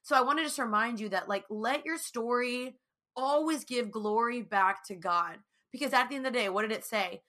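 A woman's voice: a little high, moderate pace, bright, forceful tone. A young woman hosting a faith podcast, talking through a personal story in a chatty way, full of "like" and "you know". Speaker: podcast host. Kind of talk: casual faith podcast monologue.

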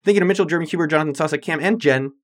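A man's voice: on the high side, very fast, a bit bright, no echo, clean studio sound. A man hosting his own podcast, talking in an upbeat, playful, salesy way. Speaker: podcast host. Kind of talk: energetic solo podcast talk.

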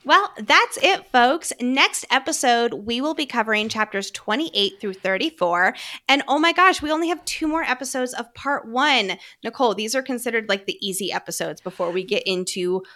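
A woman's voice: fairly high pitch, fairly quick, bright, forceful tone. A young woman co-hosting a book podcast, upbeat as she wraps up the episode and promotes the show. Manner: upbeat, promotional, laughs at own flubs. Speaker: podcast co-host. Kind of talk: casual podcast outro chat.

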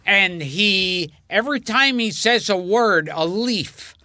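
Co-host type: a high, piercing man's voice that swoops all over, slow and stammering, in a dry booth. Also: expressive, pushed and bright, no room sound. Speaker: podcast co-host. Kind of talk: casual chat.

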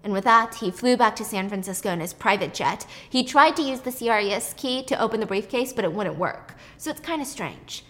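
A woman casually retelling a film plot, chatty and animated, with swearing. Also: fairly high pitch, a little fast, few pauses.

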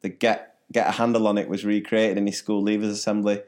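A man co-hosting a podcast, a teacher, tells classroom stories in a dry, joking way and laughs at his own jokes during the casual chat. His voice is fairly low and a little mellow, with little pitch movement, and he speaks briskly.

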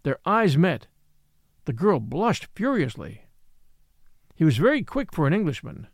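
A man narrating a classic ghost story aloud in a dramatic, expressive reading. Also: a little high, unhurried, pauses often, breathy edge, dry recording, clean studio sound. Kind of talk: scripted audiobook narration.

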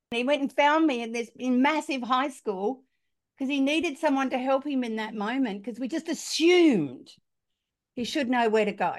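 A middle-aged woman with an Australian accent, speaking as a parenting author on a podcast and telling animated stories with voiced dialogue. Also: high voice, normal speed. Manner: animated storyteller, acts out quoted dialogue. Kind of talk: conversational podcast storytelling.

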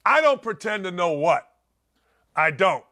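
Older male sports radio host; high, bright tone; blunt, animated storyteller. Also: measured pace. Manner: blunt, animated storyteller who acts out quotes. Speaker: sports talk show host. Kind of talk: opinionated sports radio talk.

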